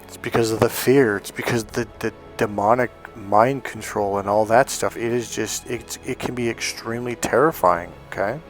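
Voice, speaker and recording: A man's voice: lowish voice, moderate pace, few pauses, soft background music. A middle-aged man, a relationship coach, telling a personal story in a casual monologue, acting out the voices of the people he quotes, with lots of fillers. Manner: animated, acts out quoted voices, many fillers.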